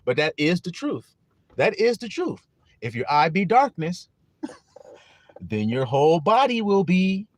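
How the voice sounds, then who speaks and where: Male livestream preacher, emphatic, animated pitch, dry close recording. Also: unhurried, no echo. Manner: emphatic, repeats questions to listeners; greets viewers in chat. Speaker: preacher on a live stream. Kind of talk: livestream sermon.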